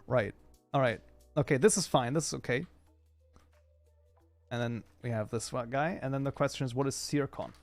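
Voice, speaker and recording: A young man with a German accent hosts a livestream of loose, casual chat, talkative, swearing freely and laughing often. His mid-range voice moves at a moderate pace with frequent pauses, on a dry recording with faint music behind.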